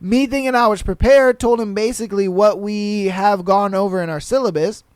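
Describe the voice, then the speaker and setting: High-voiced animated man telling stories. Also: normal speed, clear, resonant tone, dry recording, studio quality. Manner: animated, swearing, laughing, slangy. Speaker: podcast host. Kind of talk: casual storytelling and reading listener posts.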